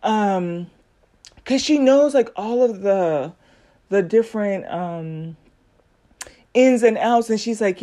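A woman's voice: mid-range voice, lively intonation, slow, long pauses, dark tone. A woman hosting a podcast in a casual chit-chat monologue, talking with many fillers and acting out the conversations she tells. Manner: chatty, many fillers, acts out quoted dialogue. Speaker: podcast host.

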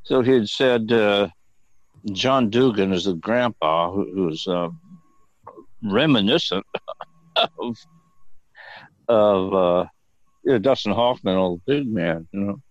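An older male guest with a very low voice tells meandering, profane stories and laughs easily as he talks. The sound is dry, with no room around him. The recording is dull and lo-fi. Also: slow pace, pauses often, no room sound. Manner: rambling, profane, chuckling storyteller. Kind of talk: casual storytelling interview.

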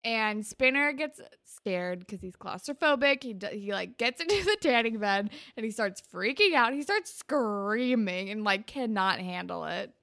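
A young woman co-hosting a podcast, recapping a TV episode in giggly, animated casual chat. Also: medium pitch, unhurried, few pauses, no echo, studio quality. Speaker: podcast co-host.

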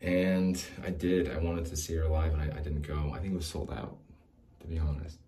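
Alone on his podcast, a man with a very low, dark voice rambles loosely, restarting sentences, leaning on fillers and swearing casually. He laughs between thoughts as he drifts from point to point. His delivery is flat and brisk, with slight background noise.

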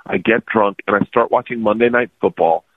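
A man's voice: fairly low pitch, brisk, no echo. A man telling comic stories in a casual chat, rambling and acting out the quotes. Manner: rambling, animated storyteller who acts out quotes. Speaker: comedian guest. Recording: tinny phone-like line.

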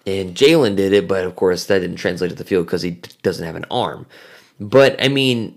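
A man's voice: low-pitched, moderate pace. A man co-hosting a casual sports podcast, talking with many fillers. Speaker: podcast co-host.

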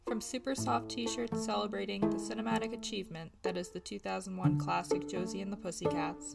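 A woman's voice: mid-range voice, gravelly. A woman host giving an upbeat scripted sponsor read. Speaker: podcast host reading an ad. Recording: distant voice over loud guitar music.

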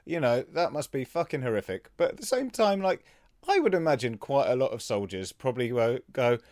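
A man's voice: mid-range voice, sing-song, brisk, a little mellow, no room sound, clean studio sound. A man co-hosting a casual comedy podcast, easygoing and laughing along, with sweary asides.

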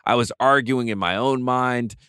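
A man hosting a casual sports podcast, relaxed and talkative, with frequent filler "um"s. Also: mid-range voice, moderate pace, clean tone, dry recording, clean studio sound. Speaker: podcast host.

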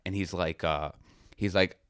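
A man co-hosting a podcast, telling a relaxed, rambling story and swearing freely. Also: sits low, measured pace, smooth, no room sound, studio quality. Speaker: podcast co-host. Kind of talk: casual storytelling.

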